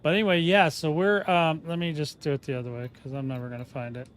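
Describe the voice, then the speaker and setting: A man's voice: fairly high pitch, steady tone, fast talker, clean tone. A man chatting casually on a game livestream, rambling and often breaking off mid-sentence. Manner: rambling, self-interrupting, chatty. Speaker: game streamer.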